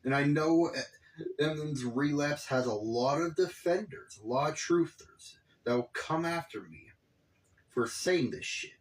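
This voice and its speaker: Slow, exasperated man ranting. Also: on the high side, lively intonation. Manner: exasperated, profane, rambling. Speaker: video commentator. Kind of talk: casual reaction commentary.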